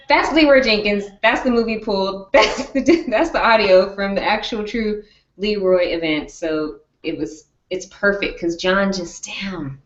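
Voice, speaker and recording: A woman's voice: medium pitch, slow pace. Giggly woman in an echoey room. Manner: giggly, animated. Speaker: podcast host. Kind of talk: casual chat. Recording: echoey dull room sound.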